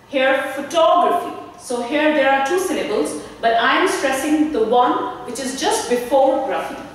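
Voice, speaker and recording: A woman teaches pronunciation in a high voice, slowly stressing each example word. Her voice comes from some distance away and carries the echo of a hall. A faint noise sits underneath. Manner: slow, deliberate, stresses example words. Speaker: English language faculty teacher. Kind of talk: pronunciation tutorial.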